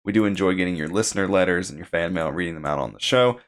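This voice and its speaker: A man's voice: deep voice, very fast. A man hosting a podcast in casual chat, easygoing and chuckling between remarks. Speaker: podcast host.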